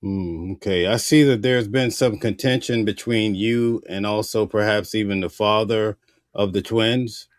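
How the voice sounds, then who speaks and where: A man hosting an interview, asking measured, probing questions. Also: on the low side, steady tone, no room sound, clean studio sound. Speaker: host.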